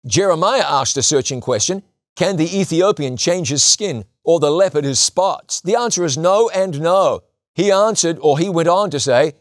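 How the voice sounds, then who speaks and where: A man's voice: high voice, no room sound. Emphatic man preaching, dry sound. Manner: emphatic, repeats lines for stress, slows on key words. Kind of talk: sermon.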